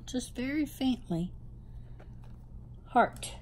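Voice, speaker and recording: Jersey-accent lady showing off her hobby haul, slow and gushy, kinda high voice. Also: animated, a little mellow, a little hiss or hum. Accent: New Jersey. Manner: gushing, delighted over cute little things. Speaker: hobby vlogger. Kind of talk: casual show-and-tell unboxing.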